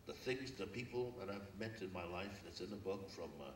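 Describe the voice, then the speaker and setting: A man's voice: sits low, brisk, a little hiss or hum. An older man from Brooklyn, a guest speaker telling stories at a public forum, earnest and reflective. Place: lecture hall. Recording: echoey hall from far off.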